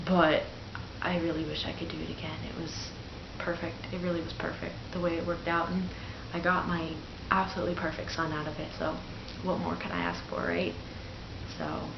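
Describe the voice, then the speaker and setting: Chatty young mom in an echoey room. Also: female voice, lowish voice, background noise. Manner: candid and chatty, full of "like" fillers. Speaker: new mother telling her birth story. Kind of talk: casual personal storytelling to camera. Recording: echoey room, dull lo-fi sound.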